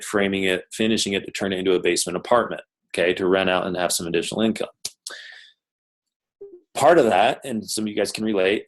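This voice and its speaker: A man in his thirties giving a motivational talk to his team on a video call, telling stories and addressing his listeners as "guys". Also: lowish voice. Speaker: sales manager speaking to coaches on a call.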